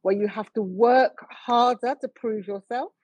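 A middle-aged woman from the United Kingdom, a motorsport official, speaking as a guest in a conversational interview in an earnest, measured way with frequent fillers. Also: a little high, darkish tone, slightly rough, dry recording, low-quality recording.

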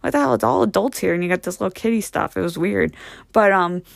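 A woman's voice: medium pitch, brisk, creaky, no room sound, clean studio sound. A woman telling a story in a casual, rambling way, full of fillers and swearing.

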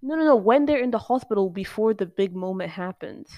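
Woman, middle pitch, dry close sound, podcast co-host, chatty storyteller who cuts in with corrections. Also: expressive, a little fast, no echo, highs cut off. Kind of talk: casual movie-review chat.

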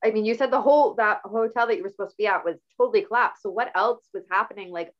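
A middle-aged woman hosting a casual talk show, telling stories in a chatty, animated way. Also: medium pitch, fast talker. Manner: chatty, animated storytelling with laughs. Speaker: podcast host. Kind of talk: casual conversational interview. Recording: slightly dull lo-fi audio.

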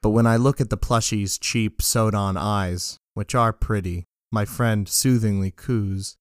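A man reading dark fiction aloud in a flat, deadpan first-person narration. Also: fairly low pitch, a little slow, few pauses, clear, resonant tone, no echo, clean studio sound. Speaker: story narrator.

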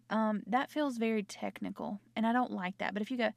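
Southern lady just chatting, bit of vocal fry, dry close sound. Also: a little high, fairly quick, hardly any pauses, dry recording. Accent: Southern American. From American South. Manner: chatty, folksy, uses terms of endearment. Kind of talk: casual chat.

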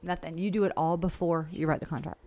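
A woman's voice: deep voice, steady tone, fast talker, vocal fry, darkish tone, no room sound. A woman who works as a real estate agent and coach, talking frankly and chattily in a casual interview. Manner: chatty and frank, with laughs and asides.

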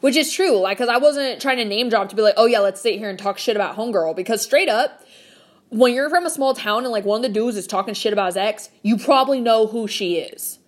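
A woman's voice: a little high, brisk. A woman in her late twenties ranting casually about a guy, blunt and swearing constantly, with a lot of filler "like". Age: late 20s. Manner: blunt, heavy swearing, lots of "like". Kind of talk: casual storytelling rant.

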